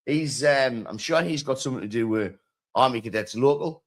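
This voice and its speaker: A man hosts a relaxed interview chat, asking questions in a plain, unpolished way. He pauses often on ums and speaks at an ordinary pitch. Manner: plain-spoken, hesitant with ums. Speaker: podcast host.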